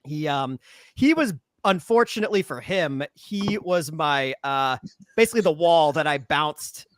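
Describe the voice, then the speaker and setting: A man's voice: on the high side, expressive, unhurried, fairly bright tone, no echo, clean studio sound. A man, an author, chatting casually on a podcast, self-deprecating and laughing often. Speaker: author guest.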